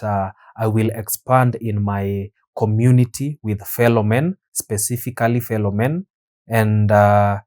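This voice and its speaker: A man with a fairly low voice hosts his own show and talks in a reflective solo format. He speaks earnestly and at a measured pace, pausing often. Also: darkish tone. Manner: earnest, measured, with frequent pauses and fillers. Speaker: podcast host.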